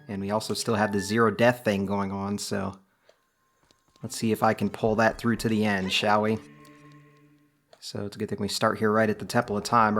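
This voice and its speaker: A man hosting a video game let's play, giving relaxed, chatty commentary full of filler words. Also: lowish voice. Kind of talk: casual gameplay commentary.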